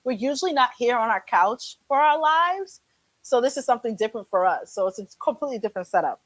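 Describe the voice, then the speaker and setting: A woman with a high, very lively voice talks in a casual live chat and laughs often. The sound is dry and close. She is chatting from a couch at home. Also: fast, no echo. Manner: animated storyteller, laughs often, chews while talking. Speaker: co-host.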